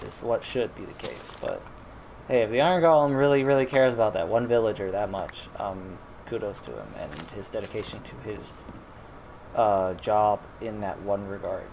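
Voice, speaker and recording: A man's voice: lowish voice, normal speed, darkish tone, slight background noise, low-quality recording. A man streaming a video game, rambling in casual commentary with frequent self-corrections and mild exasperation. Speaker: gaming streamer.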